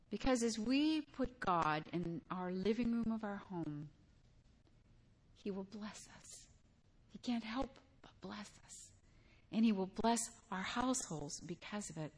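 An older woman gives a sermon in an earnest, conversational voice that sits at an ordinary middle pitch. She asks the congregation direct questions and illustrates her points with personal stories. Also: husky. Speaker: preacher.

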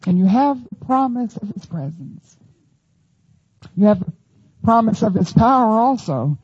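A woman's voice: fairly high pitch, animated, unhurried, a little mellow, slightly rough, lo-fi sound. A woman teaching the Bible in an earnest, emphatic sermon.

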